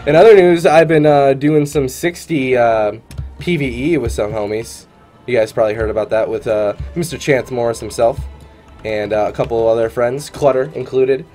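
An upbeat male caster chats between rounds of an online tournament, mid-pitched and easygoing. He keeps things rolling with casual fillers and friendly shout-outs, with faint music underneath. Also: moderate pace. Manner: upbeat, chatty, fillers like "uh" and "man". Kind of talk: live esports commentary.

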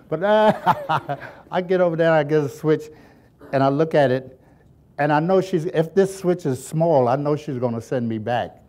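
Older man, interviewee, folksy storytelling, frequent chuckles, lively telling. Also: a little high, normal speed. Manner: chuckles often while recounting, folksy and lively. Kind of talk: storytelling reminiscence.

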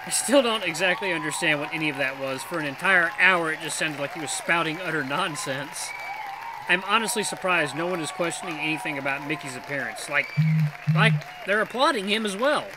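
A man hosting a let's play who reads the game text aloud and comments excitedly. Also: a little high, brisk, over a noisy crowd, very noisy. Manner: excitable, laughs easily, breaks into loud protest. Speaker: gaming channel host.

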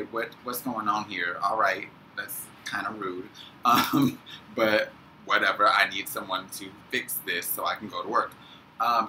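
A young man telling a story casually as a vlogger, animated and acting out the people he quotes. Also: fairly low pitch, a little hiss or hum, low-quality recording.

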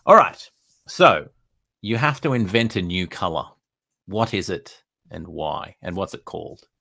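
A man's voice: low voice, big pitch swings, a little slow, gravelly, pushed and bright, dry recording. A man with an Australian accent hosting a podcast interview, asking playful quiz-style questions. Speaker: podcast host.

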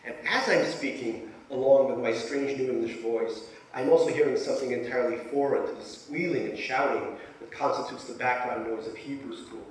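A man's voice: medium pitch, fairly quick, hardly any pauses. A Soviet-born male author reads from his memoir to a live audience with dry, self-deprecating humor. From Soviet Union. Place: large lecture hall. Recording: echoey hall from far off.

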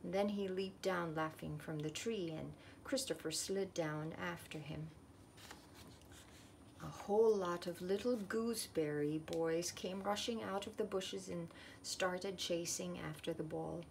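Woman with a gravelly voice reading a storybook. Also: on the low side, a little slow, slight background noise. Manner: gentle, expressive read-aloud. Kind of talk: reading a children's picture book aloud.

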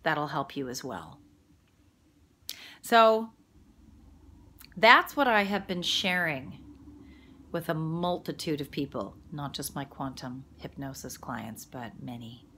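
A middle-aged woman life coach talking casually and warmly about feeling good, laughing at herself and sometimes dropping to a whisper. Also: low voice, lively intonation, slow pace, pauses often, a little hiss or hum. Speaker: quantum healing practitioner and life coach. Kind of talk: casual motivational monologue.

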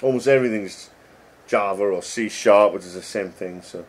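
Husky middle-aged man rambling. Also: on the low side, moderate pace. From England. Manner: rambling, jokey, reads code names aloud. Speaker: game developer. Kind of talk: casual commentary while reading code.

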